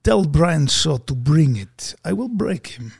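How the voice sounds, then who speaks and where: A man's voice: a little high, sing-song, a little slow, vocal fry, darkish tone, slightly rough, heavily acted. A man voicing a boastful male Georgian arm wrestler, with a mock Russian-style accent and taunting, menacing threats.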